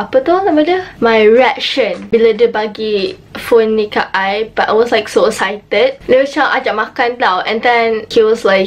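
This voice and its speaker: Young Malaysian woman, YouTuber, excitable casual chat, slightly high voice. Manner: excitable, mixes English and Malay.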